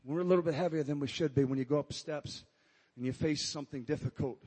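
A man's voice: a little high, quick pace, a little mellow, breathy edge, in a large hall. A man preaching a fervent sermon at a live church service, calling out "come on, amen" and at times out of breath. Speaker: pastor. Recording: live church service with praise team music behind. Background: praise team music.

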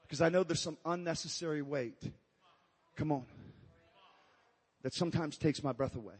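A man's voice: on the high side, moderate pace, husky, in a large hall. A man preaching a fervent sermon at a live church service, calling out "come on, amen" and at times out of breath. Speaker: pastor. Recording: live church service with praise team music behind. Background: praise team music.

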